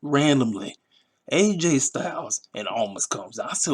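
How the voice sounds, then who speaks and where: A man's voice: medium pitch, very animated, moderate pace, slightly rough. Emphatic, rambling man reviewing wrestling. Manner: rambling, emphatic and repetitive, with slang. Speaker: wrestling review channel host. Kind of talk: casual commentary.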